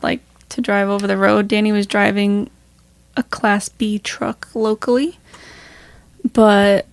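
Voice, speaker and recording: A woman co-hosting a casual podcast, a little hoarse, chatty and laughing often as she rambles through stories. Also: medium pitch, no room sound. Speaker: podcast co-host. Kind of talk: casual chat.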